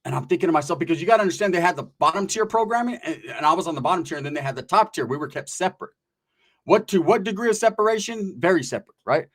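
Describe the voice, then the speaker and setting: A man from Northern California telling a casual story, animated and profane, acting out the voices of the people in it. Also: sits high, very fast.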